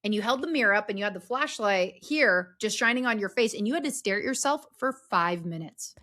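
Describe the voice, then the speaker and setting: A woman speaks earnestly in a relaxed conversational interview. Her storytelling is expressive and faith-tinged, with quick bursts where she acts out what other people said. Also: mid-range voice. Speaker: podcast guest, speaker and story strategist.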